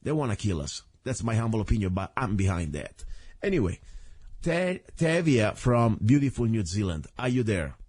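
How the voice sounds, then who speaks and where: Animated Italian-accented radio host. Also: male voice, on the low side, moderate pace, dry recording. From Italy. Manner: animated, rambling, non-native phrasing. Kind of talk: talk radio monologue and interview.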